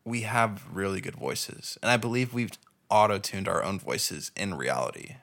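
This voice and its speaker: A man's voice: deep voice, lively intonation, moderate pace, creaky, fairly bright tone. A young man co-hosting a podcast in casual chat, laid-back, chiming in with short remarks. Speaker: podcast co-host.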